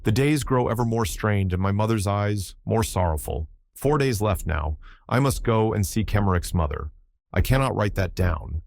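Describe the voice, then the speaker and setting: Man, audiobook narrator, first-person reading, measured and somber, very deep voice, dry close sound. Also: animated, creaky, a little mellow, no room sound.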